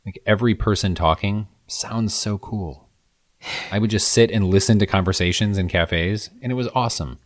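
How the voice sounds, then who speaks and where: A man tells stories in relaxed, easy conversation, clearly enjoying himself. His voice sits very low. The sound is close and dry, with no room echo. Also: moderate pace. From American Midwest. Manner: chatty, enthusiastic storytelling. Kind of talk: casual chat.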